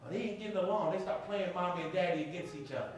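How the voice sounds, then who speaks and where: A man's voice: sits high, racing. A man preaching a sermon as pastor, calling out to his congregation and asking if they are with him. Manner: call-and-response preaching, asks congregation. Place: church sanctuary. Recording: echoey hall from far off.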